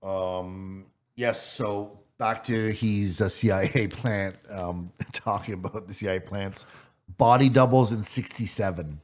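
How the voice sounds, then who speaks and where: A man's voice: fairly low pitch, a little slow. A man co-hosting a podcast in casual chat, rambling and circling back to his points. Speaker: podcast co-host.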